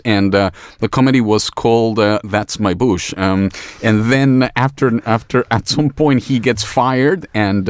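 A man's voice: lowish voice, dry recording. A man speaking as a guest in a radio studio discussion, playful and laughing, ticking off his points as numbered questions. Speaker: guest commentator.

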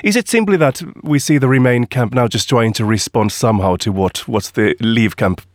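A man hosting a broadcast panel discussion and putting measured questions to his guests. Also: mid-range voice, no echo, studio quality. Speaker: host.

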